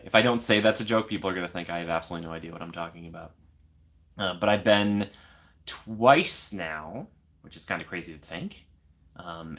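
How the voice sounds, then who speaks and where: A man's voice: low-pitched, fairly bright tone. A man hosting a casual live stream who chats with viewers, answers their questions and greets them by name in an upbeat, sing-song way. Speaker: YouTube live stream host.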